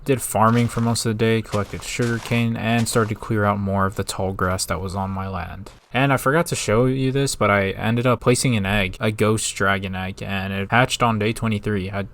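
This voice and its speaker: A man narrating a survival game run in a casual recap voice, breaking into excited live reactions. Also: on the low side, normal speed, few pauses, slight background noise. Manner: upbeat recap narration broken by excited outbursts. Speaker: gaming video creator.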